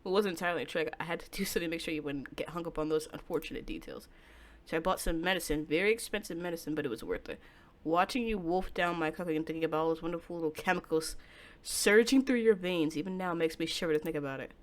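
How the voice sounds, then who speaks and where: A woman voicing a soft-spoken, obsessive young man from a game, reading his lines aloud in a low, hushed, coaxing delivery. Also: animated, quick pace. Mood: menacing.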